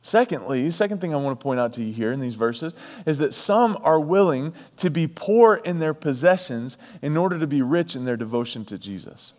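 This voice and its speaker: A pastor preaching a sermon, repeating key lines for emphasis and breaking off for chatty asides. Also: male voice, on the high side, lively intonation, fairly quick, few pauses, a little mellow, big-room sound.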